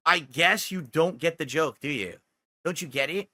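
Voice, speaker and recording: Male streamer, high voice, boastful and mocking, lots of swearing. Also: brisk, pushed and bright, no echo. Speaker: livestreamer. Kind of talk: livestream rant.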